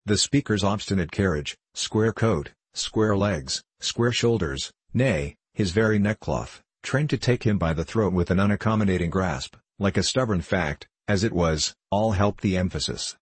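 Man, audiobook narrator, classic novel, measured, deep, husky, dry close recording. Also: lively intonation, no echo.

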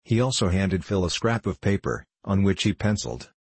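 A man reading a novel aloud as an audiobook narrator in a measured, even way. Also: low-pitched, breathy edge, no echo. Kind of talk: scripted narration.

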